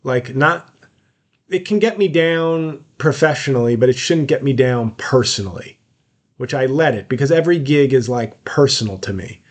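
A man's voice: medium pitch, lively intonation, normal speed. A man hosting a podcast, telling a long personal story in a casual monologue, full of fillers and restarts. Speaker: podcast host, comedian.

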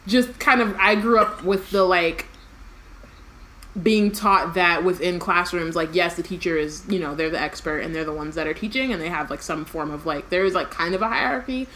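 A woman's voice: lowish voice, moderate pace, fairly bright tone, slight background noise. Chatty woman reading aloud and riffing. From California. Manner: chatty, many fillers, laughs often. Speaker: podcast co-host reading aloud. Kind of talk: casual chat with read-aloud passages.

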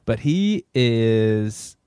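A man's voice: mid-range voice, expressive, drawn-out words, warm tone, clear, resonant tone, no room sound, clean studio sound. A man in his thirties co-hosting a podcast, telling a story about his son and chuckling as he goes. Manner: amused storyteller, chuckles mid-sentence. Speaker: podcast co-host. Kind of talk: casual chat.

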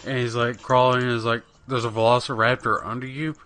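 A man's voice: mid-range voice, flat delivery, brisk, background noise. A young man rambling casually about video games on a podcast, with lots of fillers and swearing. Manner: rambling, profane, many fillers. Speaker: podcast co-host. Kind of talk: casual gaming chat.

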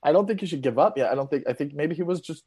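A man's voice: fairly high pitch, expressive, rapid-fire, darkish tone, husky. A man, a comedian guesting on a podcast, rambling mock-serious advice with many fillers. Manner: rambling, mock-serious, lots of "you know". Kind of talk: casual comedy podcast chat.

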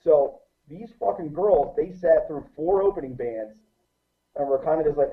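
A man guesting on a podcast, telling a profane, animated anecdote in a casual way. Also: fairly high pitch, moderate pace, gravelly. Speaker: guest musician. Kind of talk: casual storytelling. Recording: tinny phone-like line.

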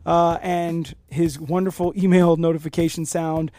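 A man's voice: a little high, flat delivery, moderate pace, dark tone, no echo, studio quality. A man hosting a podcast in a loose, laid-back, profane way. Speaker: podcast host. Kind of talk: casual chat.

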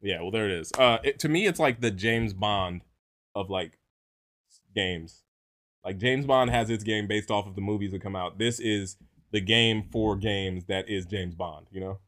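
A man's voice: lowish voice, moderate pace, fairly bright tone. A young man co-hosting a casual gaming podcast, steering the talk with jokes and frequent laughs. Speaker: podcast co-host. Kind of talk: casual chat.

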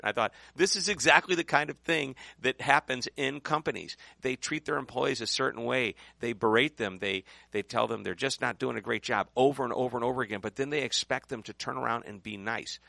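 A man's voice: mid-range voice, vocal fry, bright, forceful tone, no room sound. A man hosting a talk show, telling anecdotes in a casual, joking way. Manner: anecdotal, jokey storyteller. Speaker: show host. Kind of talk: casual interview chat.

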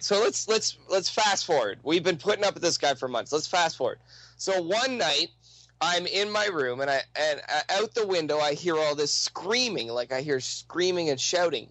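Young man, casual storytelling, lots of swearing, bright sharp voice, slightly high pitch. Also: no echo, poor audio. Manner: profane, animated anecdote telling.

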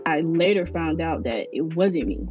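A woman's voice: deep voice, expressive, unhurried, lo-fi sound, over music. A young woman telling her personal story in a candid, reflective way, speaking earnestly with casual fillers. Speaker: interviewee sharing her story.

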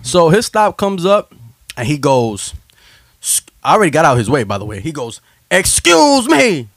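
A man telling a funny story in casual chat, laughing and swearing, jumping into high voices when he quotes people. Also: big pitch swings, normal speed, no echo. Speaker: podcast host telling a story.

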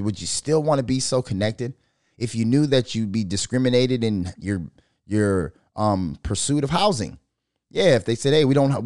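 A man's voice: fairly low pitch, darkish tone, no room sound, studio quality. A man giving heated, profane podcast commentary and firing off rhetorical questions. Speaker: podcast host.

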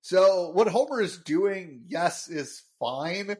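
A man co-hosts a casual podcast, recapping a cartoon episode. He explains at a relaxed pace with plenty of fillers. His voice sits a bit high for a man. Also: slow pace. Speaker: podcast co-host.

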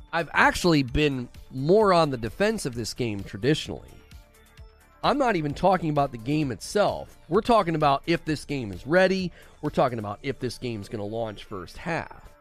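A man streaming live, reading chat aloud and arguing back in a skeptical, argumentative way, often repeating words as he talks. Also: fairly high pitch.

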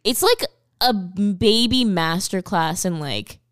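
A woman's voice: medium pitch, expressive, smooth, no echo, studio quality. Chatty gushing woman film fan. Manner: gushing and chatty, heavy use of "like", quick laughs. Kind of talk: casual film discussion.

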